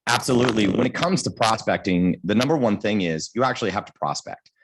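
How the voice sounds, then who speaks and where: A man on a panel giving advice as a motivational speaker, telling lively stories and acting out little scenes. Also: fairly low pitch, fast talker, slightly rough. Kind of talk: storytelling advice.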